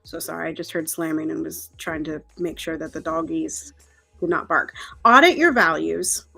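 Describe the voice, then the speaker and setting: Female co-host, wry and chatty, lower voice, faint music underneath. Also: completely flat delivery, gravelly, a bit bright, husky. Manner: wry, chatty, quick with asides. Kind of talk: casual livestream chat.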